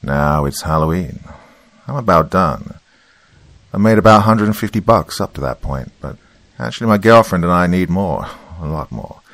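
A man as a gruff, blunt uncle spinning a yarn. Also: low voice, animated, normal speed, a bit bright, no echo, heavily acted. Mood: storytelling. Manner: blunt, profane, conversational. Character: gruff middle-aged uncle, rideshare driver telling a story.

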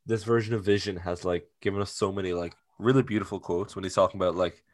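A young man chatting casually on a podcast, emotional and animated, swearing freely and acting out quotes. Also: low voice, quick pace, no echo, clean studio sound. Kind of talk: casual chat.

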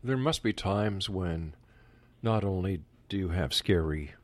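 A man hosting a long-running radio talk show, asking slow, halting questions. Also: sits low, expressive.

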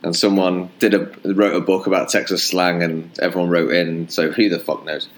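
A young British man co-hosting a podcast, running a slang quiz in loose, sweary banter with lively jumps in pitch. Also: moderate pace, a little hiss or hum. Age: young adult. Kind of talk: casual banter.

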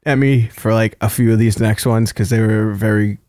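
Laughing, swearing podcast host. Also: male voice, fairly low pitch, steady tone, normal speed, a little mellow, no room sound, clean studio sound. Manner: laughs often while telling stories, swears casually. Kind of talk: casual chat.

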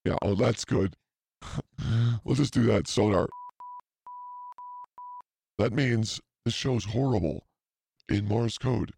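A man's voice: lowish voice, slow pace, gravelly, pauses often, darkish tone, a little hiss or hum. A man in his fifties hosting a podcast, telling a rambling story in a profane, self-mocking way, full of asides. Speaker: podcast host.

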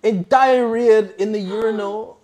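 Animated young man telling stories. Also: high voice, measured pace. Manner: animated storyteller, laughs often. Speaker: podcast host. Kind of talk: casual chat.

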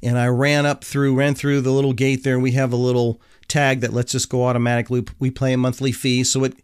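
A middle-aged man telling a casual personal anecdote in an animated, self-deprecating way, chuckling as he goes. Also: mid-range voice, fast, clear, resonant tone, dry recording, studio quality. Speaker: storyteller.

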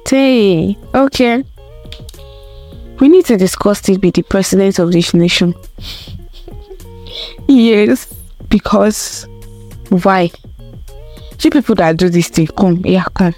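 A woman's voice: medium pitch, slow pace, pauses often, dark tone, faint music behind. A young woman giving a casual opinion rant to camera, emphatic and repetitive, full of rhetorical questions. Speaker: vlogger.

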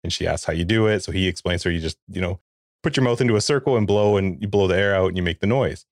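A man in his forties with a low voice tells a family story on a podcast, acting out what everyone said. The sound is dry and close, with no room around it. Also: fast, dry recording. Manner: animated storyteller, acts out quotes. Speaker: podcast co-host. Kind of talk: casual chat.

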